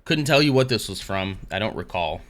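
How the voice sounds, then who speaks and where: A man's voice: sits low, expressive, brisk. A man hosting a casual live stream, rambling along between dad jokes. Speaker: livestream host.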